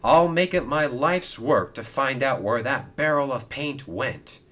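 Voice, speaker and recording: A man's voice: medium pitch, lively intonation, measured pace, fairly bright tone, voice pushed up. A man voicing a kind, helpful male steam engine who speaks earnestly and reassuringly.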